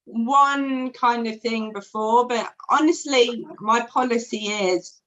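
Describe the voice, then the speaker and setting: Woman in her thirties, podcast guest, casual chat, slightly high voice, lots of fillers. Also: takes it slowly, a bit bright, lo-fi sound. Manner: chatty, frequent fillers and restarts.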